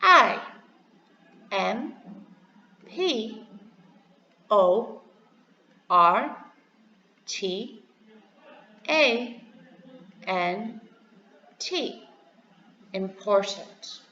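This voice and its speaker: A woman teacher slowly giving a review lesson to young pupils, spelling each word letter by letter and asking them to repeat. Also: medium pitch, lively intonation, pushed and bright, muffled recording. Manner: slow, clearly spelled out, letter by letter; encouraging, asks to repeat words. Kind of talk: recorded classroom review lesson. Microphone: computer microphone over slides.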